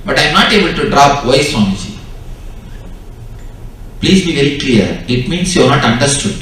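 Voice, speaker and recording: A man's voice: medium pitch, lively intonation, normal speed, fairly bright tone. A young man with an Indian English accent giving a spiritual discourse, telling stories and repeating his key lines for emphasis. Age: 20s. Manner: repetitive, emphatic storytelling. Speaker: spiritual teacher. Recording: echoey distant hall recording.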